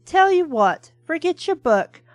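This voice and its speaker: A woman's voice: extremely high pitch, sing-song, measured pace, no room sound, voice pushed up, full character voice. A woman reading the lines of a blunt, short-tempered heroine who snaps back irritably. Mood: irritated.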